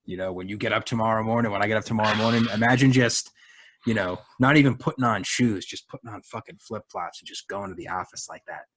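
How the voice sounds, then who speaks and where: A man's voice: on the low side, fast, fairly bright tone, dry recording. A middle-aged man with a Boston accent, telling profane, sarcastic stories in casual chat. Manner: profane, ranting, sarcastic storytelling.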